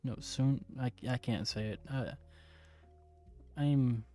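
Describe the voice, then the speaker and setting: A man's voice: mid-range voice, takes it slowly, dark tone, soft background music. Man with a slight Southern drawl. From Southern United States. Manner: stumbling, self-correcting reading. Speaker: streamer. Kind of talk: reading a visual novel aloud.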